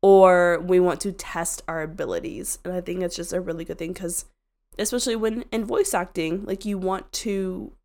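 A young woman co-hosting a podcast in relaxed chat. She is animated, laughs often, and breaks into loud exclamations. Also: lowish voice, normal speed. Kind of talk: casual chat.

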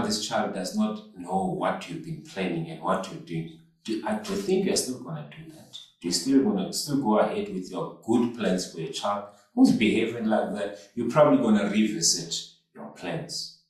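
A man's voice: fairly low pitch, lively intonation. A man preaching a sermon as pastor, repeating phrases and calling out to the congregation. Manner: slow, repetitive preaching with call-outs to the congregation. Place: church hall. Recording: echoey hall, mic far off.

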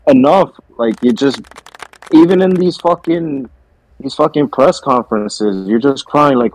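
A man's voice: mid-range voice, lively intonation, measured pace, poor audio. A man guesting on a casual sports podcast who rants heatedly and swears often. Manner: heated, profane ranting.

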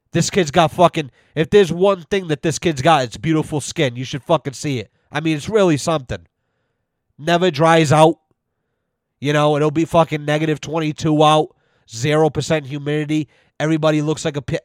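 A man's voice: a little high, dry recording, studio quality. A man giving a mock-serious rant on his own show, profane and full of repeated "you know"s. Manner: profane, repetitive. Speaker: podcast host.

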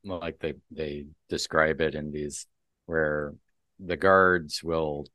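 A man co-hosting a podcast, casually recapping a comic book in a rambling, relaxed way. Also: rumbling low, slow, no room sound, studio quality. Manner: relaxed, rambling, full of ums and laughs. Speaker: podcast co-host.

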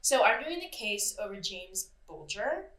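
A woman's voice: mid-range voice, big pitch swings, unhurried, fairly bright tone. Casual young woman in an echoey room. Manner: casual, swears, laughs at herself. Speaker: podcast co-host. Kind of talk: casual true-crime chat. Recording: roomy echo.

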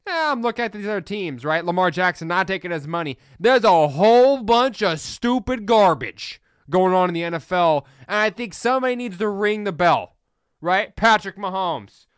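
Podcast host, man, fired-up blunt ranter, smooth higher voice, dry close mic. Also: animated, moderate pace, no room sound. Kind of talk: opinionated solo podcast rant.

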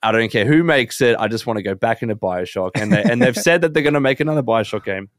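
A man's voice: medium pitch, fast talker, no echo, clean studio sound. A young man, co-hosting a podcast, talking with eager enthusiasm. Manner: animated, enthusiastic, stumbling restarts. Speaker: podcast co-host. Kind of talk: casual chat.

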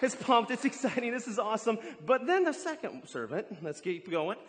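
Energetic high-voiced preacher in a hall. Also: male voice, normal speed, a little hiss or hum. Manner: energetic, hypes up the crowd. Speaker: pastor. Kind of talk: sermon with audience participation. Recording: long hall reverb.

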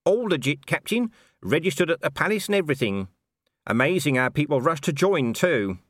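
A man voicing a cocky, scruffy male watchman leading a strike, speaking calmly and cheekily. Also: on the high side, normal speed, no echo, clean studio sound, voice pushed up. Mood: cheeky. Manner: calm and cheeky.

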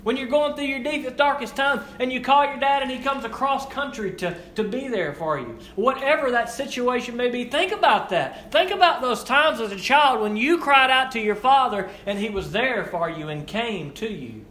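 A young man preaching a sermon, repeating his lines and swinging between hushed and raised delivery. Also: very high-pitched, lively intonation, moderate pace, few pauses. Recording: echoey room with faint ambience.

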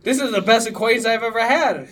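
A man's voice: extremely high pitch, quick pace, recorded from a distance, crowd noise. A young man on a casual podcast, tossing off playful, cheeky quips. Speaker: podcast co-host. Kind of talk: casual chat among friends.

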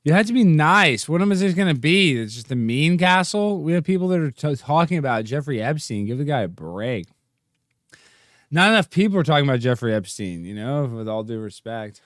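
A man hosting a livestream, rambling and joking, sometimes jumping into goofy high-pitched bits. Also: animated, a little fast, fairly bright tone, no room sound, clean studio sound. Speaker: livestream host. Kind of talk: casual livestream rant.

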